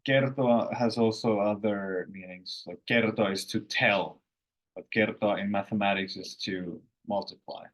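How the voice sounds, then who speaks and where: A man teaches vocabulary in a relaxed, halting way, often restarting his sentences. He talks very slowly. His voice sits fairly low. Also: rough recording. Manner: slow, halting explanations with fillers and restarts. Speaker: language teacher. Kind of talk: casual language lesson.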